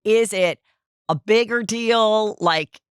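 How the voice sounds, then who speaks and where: A woman's voice: mid-range voice, slow, clean tone, dry recording, studio quality. A woman hosting a podcast in casual gossip chat, telling stories and acting out the people in them. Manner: animated storyteller acting out quoted people. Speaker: podcast host.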